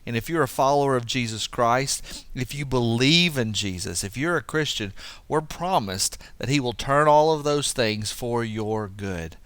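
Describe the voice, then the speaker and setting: Man, devotional Bible teaching, earnest and lively, mid-pitched voice, dry close sound. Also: unhurried, smooth, dry recording. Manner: earnest, lively, acts out quotes with rising pitch. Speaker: preacher.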